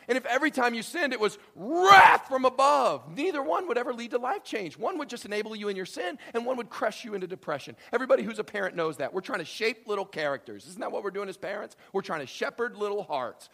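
A man preaching a sermon, telling a story with lively acted-out voices and swinging from quiet to loud. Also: high-pitched, brisk, breathy edge. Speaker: pastor.

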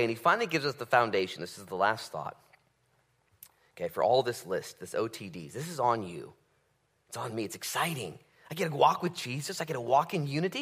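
Lively, animated male preacher. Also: mid-range voice, fairly quick, slightly rough. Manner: animated, conversational, swings from loud to hushed. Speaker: pastor. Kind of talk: sermon.

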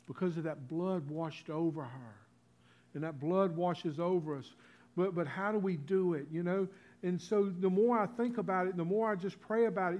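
Folksy preacher, higher voice. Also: male voice, moderate pace. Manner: folksy, with call-and-response and swings from loud to hushed. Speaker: pastor. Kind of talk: sermon. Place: church.

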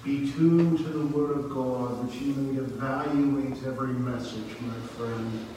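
A man preaching a sermon through a face mask, slow, deliberate and emphatic, stretching his key words. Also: medium pitch, steady tone. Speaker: pastor. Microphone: speaking through a face mask. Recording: echoey hall, distant mic, hiss.

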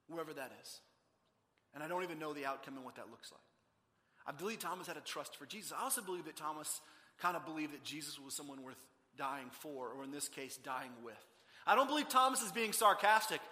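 A man preaching a sermon as pastor, earnest, swinging between loud emphasis and hushed intimate passages. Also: high-pitched. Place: church sanctuary. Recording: long reverb of a large hall.

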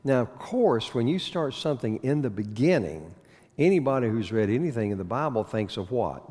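A man's voice: mid-range voice, very animated, normal speed, a little mellow. A man teaching a Bible lesson in a conversational way, asking his listeners questions and slipping in corny puns. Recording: long reverb of a hall.

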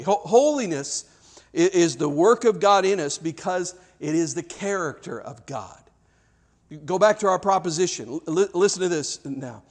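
A man preaching a sermon as pastor, talking in an animated, conversational way with frequent restarts. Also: high voice, normal speed.

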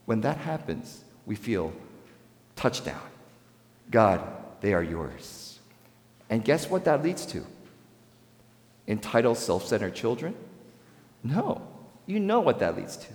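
A male pastor preaching a sermon, swinging between loud, rising emphasis and quiet, low asides. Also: very animated, unhurried, pauses often. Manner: dynamic preaching with sharp swings in pitch and volume. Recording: echoey hall with long reverb.

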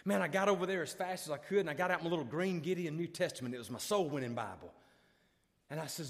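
A man's voice: on the high side, expressive, fast talker. Male evangelist, emotional storyteller, big dynamic swings, reverberant church. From Alabama. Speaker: revival preacher. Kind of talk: revival sermon storytelling. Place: church sanctuary.

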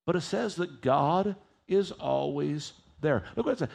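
A man's voice: a little high, lively intonation, unhurried, vocal fry, a little mellow. A male preacher delivering a sermon. He reads scripture aloud and leads the congregation in reading it back with him.

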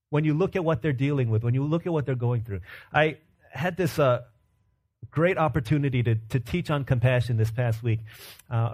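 A man's voice: medium pitch, darkish tone. A pastor in his thirties giving a conversational sermon, asking the congregation questions and telling stories about his young children. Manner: conversational preaching with rhetorical questions and family stories.

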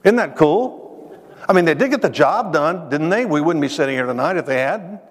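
A man's voice: a little high, animated. Man preaching a conversational sermon in a reverberant hall. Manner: conversational, addresses the congregation directly with questions; restarts phrases, dramatic pauses. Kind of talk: sermon with personal storytelling. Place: church sanctuary.

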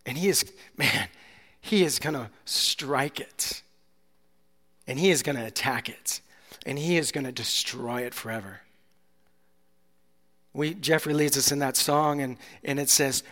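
A male pastor preaching a sermon with passion, swinging from soft, hushed moments to loud, climactic peaks. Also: mid-range voice, a little slow, pauses often. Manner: impassioned, builds to loud climaxes, drops to soft near-whispers. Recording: long hall reverb.

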